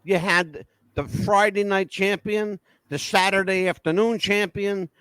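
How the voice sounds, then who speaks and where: A man with a notably high voice hosts a casual podcast chat, blunt and emphatic, swearing as he makes his points. The sound is dry and close, with no room around it. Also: fairly even intonation, unhurried, pushed and bright, smooth, no echo. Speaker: podcast host.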